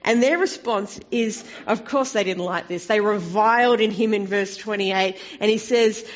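A woman preaching a sermon in a conversational way, turning expressive when she quotes scripture. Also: mid-range voice, normal speed. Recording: dull lo-fi recording.

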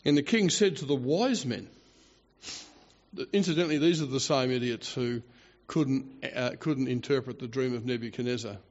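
A man preaching a sermon, animated and theatrical, with mocking asides. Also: medium pitch, normal speed, long reverb tail. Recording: dull lo-fi recording.

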